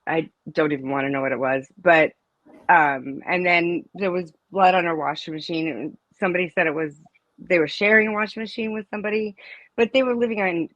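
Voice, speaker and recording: Middle-aged woman, guest telling a story; lowish voice, emphatic, dry close recording. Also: steady tone, a little fast, fairly bright tone, no echo, lo-fi sound. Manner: emphatic, storytelling, with many restarts. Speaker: interview guest, mother of a student. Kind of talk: casual interview conversation.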